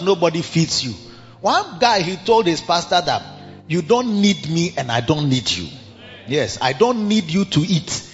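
A man's voice: a little high, in a large hall, lo-fi sound. A man preaching a sermon as a pastor, dramatic and acting out the voices of others. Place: large church hall.

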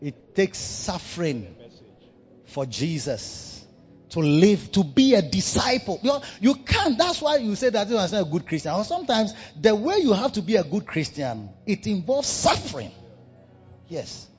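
A male preacher delivering a dramatic, animated sermon in a church, repeating words for effect. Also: sits high, moderate pace, slightly rough. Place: large church hall. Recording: dull reverberant hall with music.

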